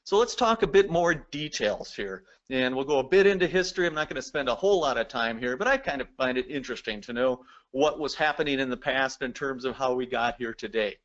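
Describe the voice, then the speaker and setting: A man's voice: medium pitch, lively intonation, a little fast, few pauses, highs cut off. A man giving a recorded lecture, explaining step by step and addressing the viewers directly. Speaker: presenter.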